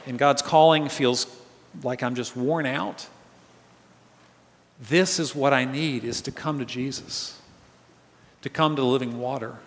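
A male pastor gives a chatty, animated sermon, rising to loud, emphatic lines and dropping to soft asides. His voice sits fairly high for a man. The sound rings with the long reverb of a church hall. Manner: conversational, animated, swings between loud and soft. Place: church sanctuary.

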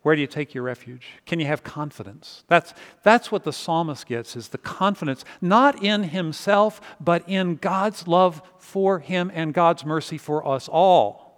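A man's voice: a little high, unhurried, hardly any pauses. A male pastor preaching a sermon in a church sanctuary, telling stories in a conversational way and repeating words as he goes. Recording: long reverb of a large hall.

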